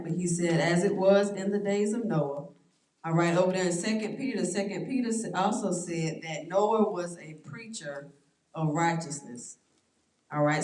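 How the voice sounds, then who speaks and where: A woman leading a church Bible study, reading verses slowly and stressing words, with frequent "all right" checks to the class. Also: lowish voice, a little mellow. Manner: slow, drawn-out scripture reading with stressed words. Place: church room. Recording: roomy echo, distant mic.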